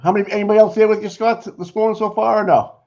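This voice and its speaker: A man with a Boston accent co-hosting a casual live stream, animated and prone to repeating words. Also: high-pitched, very fast, highs cut off. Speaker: co-host.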